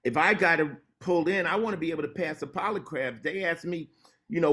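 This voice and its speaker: Laid-back storytelling man, slightly high. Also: sharp tone. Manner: laid-back storytelling, drops low and slow when serious. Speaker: interview guest. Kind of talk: casual conversation.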